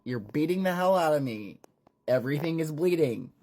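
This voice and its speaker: A storyteller voicing a scared, disgusted young male adventurer with shrill, squeamish protests. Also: animated, moderate pace, a little mellow, slight background noise, close to an everyday voice, low-quality recording.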